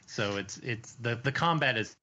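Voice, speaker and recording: A man's voice: medium pitch, expressive, normal speed, sharp tone, highs cut off. A man co-hosting a podcast in casual chat, explaining details in a patient, easygoing way. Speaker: podcast co-host.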